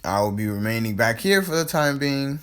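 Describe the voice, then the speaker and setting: Man doing a cold, angry young ninja guy, fan storytelling, stern and loud. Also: mid-range voice, expressive, fairly quick, natural voice. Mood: cold anger. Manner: stern, cutting, raised voice. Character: hurt, furious young male ninja, cold.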